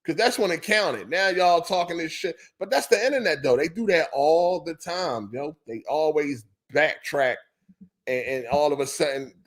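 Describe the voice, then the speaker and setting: Talking into a headset at a moderate pace, this man hosts a gaming podcast livestream in a casual chat. His voice sits on the high side, and he rants loosely, swearing and going over the same points again.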